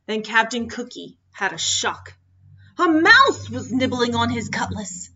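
A woman reading a children's picture book aloud in an expressive, animated way. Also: on the high side, measured pace, highs cut off, slight background noise. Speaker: storyteller.

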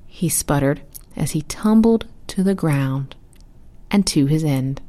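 A woman narrates a folk tale in a calm, measured way. Her voice sits lowish and stays soft and quiet between the dialogue. Steady scripted storybook reading. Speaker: story reader.

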